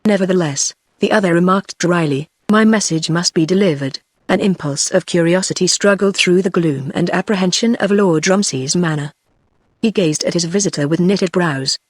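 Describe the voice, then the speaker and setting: A woman with a British accent, reading a classic novel aloud as a text-to-speech audiobook narrator in an even, steady way. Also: lowish voice, moderate pace, no room sound, clean studio sound.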